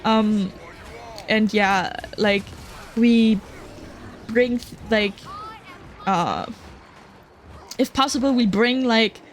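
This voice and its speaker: High pitched girl streamer rambling and giggling, lots of ums, faint hum in the background. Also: drawn-out words, pauses often. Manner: chatty, giggly, lots of fillers. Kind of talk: casual chat while gaming.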